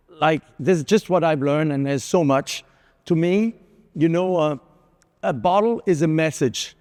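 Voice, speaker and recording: A middle-aged man delivers a keynote in a big conference hall, speaking into a stage mic. His voice sits a little high, and he talks loosely, full of "you know" and little restarts. The hall adds a long, lingering reverb. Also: a little mellow. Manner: anecdotal, conversational, with frequent fillers.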